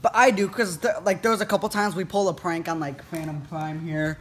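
A man's voice: on the high side, steady tone, brisk, fairly bright tone, a little hiss or hum. Rambling teenage boy telling a story. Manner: rambling, filler-heavy retelling. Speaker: vlogger. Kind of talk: casual storytelling to camera.

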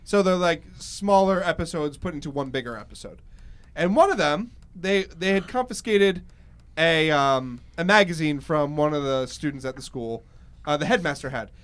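A man hosting a casual podcast chat, an excitable storyteller who laughs often. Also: a little high, moderate pace. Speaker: host.

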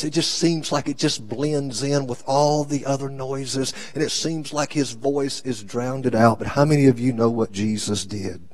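A man preaching a live sermon as a bishop, with a preacher's cadence that swings from shouting to hushed tones. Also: mid-range voice, steady tone, moderate pace, few pauses.

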